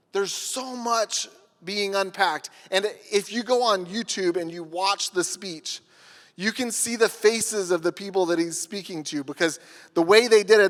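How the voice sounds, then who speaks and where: An earnest man speaking at a conference workshop, his voice high and clear. He tells stories with deliberate pauses, and the sound carries a long hall reverb. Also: a bit bright.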